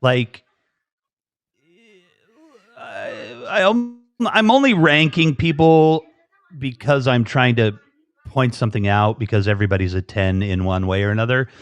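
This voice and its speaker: A man's voice: medium pitch, a little slow, pauses often. A man with an American accent hosting a livestream, chatting playfully with lots of fillers and restarts. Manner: playful, flirty, rambling with many fillers. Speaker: livestream host. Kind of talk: casual livestream chat.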